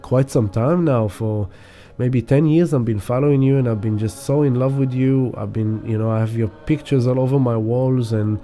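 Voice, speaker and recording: A man's voice: mid-range voice, normal speed, warm tone, soft background music, natural voice. A man acting out an awkward, infatuated male fan who hesitates and stumbles through his confession. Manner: hesitant, filler-laden.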